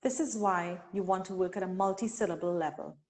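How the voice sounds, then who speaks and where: A woman from Trinidad and Tobago leading a teacher-training webinar, speaking deliberately and sounding out syllables slowly. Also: fairly low pitch, darkish tone. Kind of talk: instructional webinar talk.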